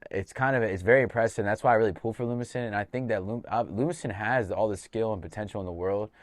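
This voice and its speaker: Laid-back man telling a story, low voice. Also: quick pace, no room sound. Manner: loose and profane, acts out quoted dialogue. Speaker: podcast host and fight coach. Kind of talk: casual podcast storytelling.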